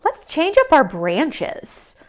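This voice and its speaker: A woman's voice: high-pitched, wildly swooping pitch, slow, a little mellow. A young woman teaching yoga to young children in a sing-song, encouraging way. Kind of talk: leading a kids' yoga class.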